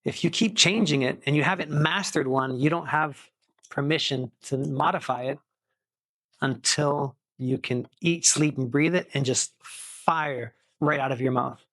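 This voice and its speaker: Lively man coaching sales calls. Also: a little high, unhurried, dry recording, studio quality. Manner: energetic, repeats key phrases for emphasis. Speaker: real estate coach. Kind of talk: teaching a sales boot camp.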